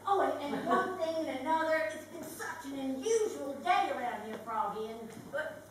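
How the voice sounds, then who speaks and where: A woman's voice: high-pitched, expressive, moderate pace, a little hiss or hum. An actress playing a homey, rambling older Southern lodge-keeper in a live stage comedy, motherly and folksy. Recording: echoey theater stage from far off.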